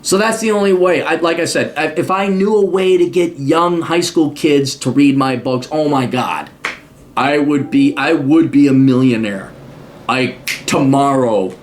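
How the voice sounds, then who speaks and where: A man's voice: a little high, unhurried, a little hiss or hum. Blunt, sarcastic man giving advice. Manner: blunt, sarcastic, acts out mock quotes. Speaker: podcast host giving advice. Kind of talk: casual advice monologue.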